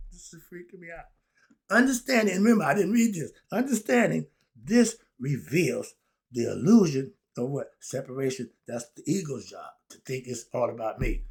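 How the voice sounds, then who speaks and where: Animated preachy man teaching philosophy. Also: fairly high pitch, husky. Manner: preachy and animated, with rhetorical questions and asides. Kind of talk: informal philosophy talk.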